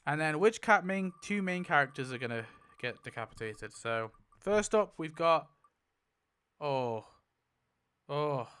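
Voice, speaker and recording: Young male commentator, excitable and swearing, smooth resonant tone. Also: a little high, unhurried. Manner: excitable, laughs often, swears, counts aloud. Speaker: YouTuber spinning a wheel. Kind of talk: casual commentary while playing.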